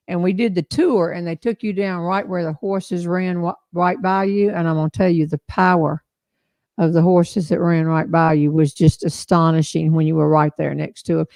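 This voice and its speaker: A woman's voice: fairly low pitch, darkish tone, no room sound. Chatty woman host, dry sound. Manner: chatty, laughing, reads viewer questions aloud. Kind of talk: casual live chat show.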